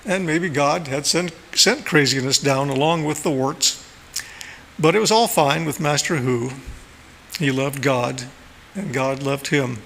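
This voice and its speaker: Gravelly man telling a story in a church hall. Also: fairly high pitch, measured pace, pauses often. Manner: gentle storyteller, playful asides. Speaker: lay speaker. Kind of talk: storytelling talk at a church service. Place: church sanctuary. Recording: long hall reverb, faint room noise.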